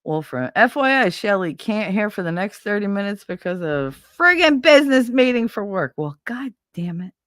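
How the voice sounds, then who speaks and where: A woman's voice: mid-range voice, sing-song, moderate pace, hardly any pauses, fairly bright tone, no echo, studio quality. A middle-aged woman hosting a casual livestream, venting bluntly and profanely about her kids and household chores. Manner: blunt, profane, exasperated ranting. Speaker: livestream host.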